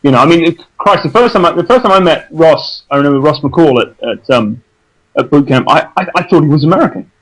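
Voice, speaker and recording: A man's voice: fairly high pitch, lively intonation, fast talker, low-quality recording. A man with an English accent, an actor chatting as an interview guest, self-deprecating and prone to restarts. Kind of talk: casual interview chat.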